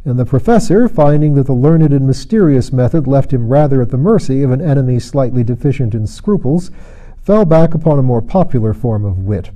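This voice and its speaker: A male narrator reads a classic novel in a measured, dry way. His voice is very dark and mellow, sitting at an ordinary pitch. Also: expressive. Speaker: audiobook narrator. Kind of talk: scripted audiobook narration.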